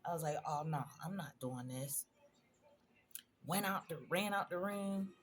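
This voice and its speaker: A woman's voice: deep voice, unhurried, a little hiss or hum. Emotional woman telling a personal story. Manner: emotional, conversational, addresses viewers as y'all. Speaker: vlogger.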